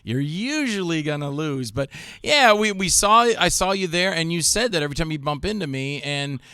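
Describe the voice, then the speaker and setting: A man hosting a casual talk show, telling animated stories and acting out what others said. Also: fairly high pitch, moderate pace, smooth, no echo, clean studio sound. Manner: animated storyteller, acts out quotes of others. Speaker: show host. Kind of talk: casual chat with jokey impressions.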